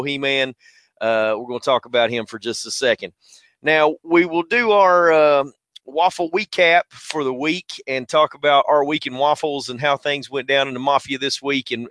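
A man's voice: mid-range voice, clear, resonant tone, no room sound. Laid-back Southern man on a headset mic. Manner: laid-back, slangy, shouting out chat names. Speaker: podcast host. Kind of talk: casual livestream podcast chat.

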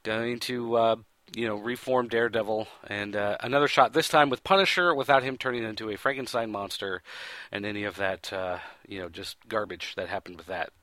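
A man's voice: lowish voice, fairly even intonation, a little fast, a bit bright, dry recording. A man hosting a pop-culture show, giving a casual, rambling recap full of fillers and self-corrections. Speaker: podcast host.

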